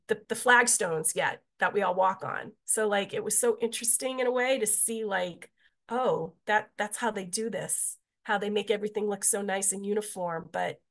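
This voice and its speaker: A woman's voice: mid-range voice, fairly bright tone. A woman from Israel, a tour guide, giving a meandering, chatty presentation over a video call. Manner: chatty, meandering, many filler words.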